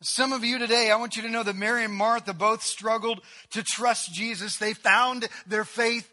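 A man preaching a sermon, reading scripture and acting out the people in it, swinging between loud outbursts and hushed, quiet lines. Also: sits high, fairly even intonation, normal speed. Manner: dramatic, acts out voices, swings from shouting to hushed. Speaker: pastor.

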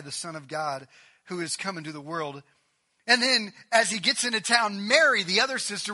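A man preaching a sermon, reading scripture and acting out the people in it, swinging between loud outbursts and hushed, quiet lines. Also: high voice. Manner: dramatic, acts out voices, swings from shouting to hushed. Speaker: pastor.

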